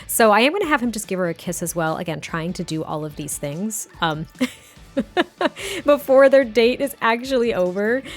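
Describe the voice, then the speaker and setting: A young woman, the host, giving casual, gushing gameplay commentary with frequent laughs. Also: mid-range voice. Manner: bubbly, gushing, laughs often. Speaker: gaming creator narrating a life-sim series.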